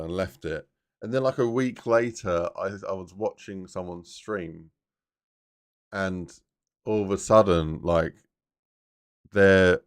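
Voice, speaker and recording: Low gravelly man streaming. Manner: rambling, thinks aloud, talks to chat. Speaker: streamer making a game map. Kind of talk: casual live-stream chat while working.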